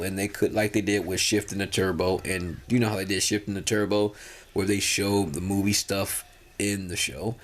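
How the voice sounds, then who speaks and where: Tired, rambling low-voiced man. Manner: rambling, informal, many restarts and fillers. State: tired, yawning. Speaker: vlogger. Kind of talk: casual talk to camera.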